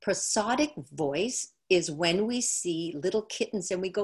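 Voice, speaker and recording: Slow, deliberate woman teaching over a video call. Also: medium pitch, a little hiss or hum. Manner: unhurried, repeats key phrases for emphasis. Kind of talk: explanatory teaching talk.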